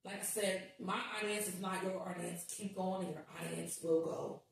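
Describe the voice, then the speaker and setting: Woman, podcast guest, animated storyteller, swears a lot, roomy echo, far from mic. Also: lowish voice, normal speed, gravelly, slight background noise. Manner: animated, swearing, acts out quotes. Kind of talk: casual storytelling chat. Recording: echoey room, distant mic.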